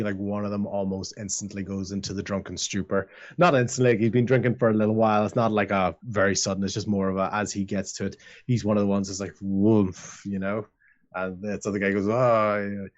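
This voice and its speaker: A man's voice: lowish voice, lo-fi sound. A man narrating as game master of a tabletop game, rambling with lots of fillers.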